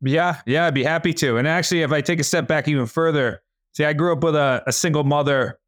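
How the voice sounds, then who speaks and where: A man from Massachusetts, a guest on a podcast, talking in an energetic, friendly way with quick bursts. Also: a little high, no echo, studio quality. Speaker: guest, real estate entrepreneur. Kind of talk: casual conversation.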